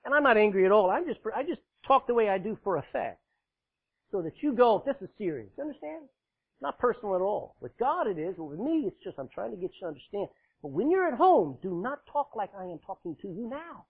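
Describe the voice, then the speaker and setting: A man preaching a sermon to a congregation, emphatic and forceful, joking with the listeners in between. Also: high voice, very animated, a little fast, vocal fry, husky. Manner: forceful, emphatic preaching with sudden loud bursts and dramatic drops; laughs often, jokes with the congregation. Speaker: pastor. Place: church, live congregation. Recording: tinny phone-like sound.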